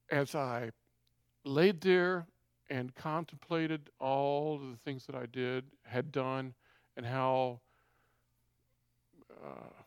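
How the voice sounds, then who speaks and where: A man's voice: medium pitch, smooth, no echo, clean studio sound. A middle-aged man telling a personal testimony in an earnest, confessional, conversational way. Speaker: speaker giving a personal testimony.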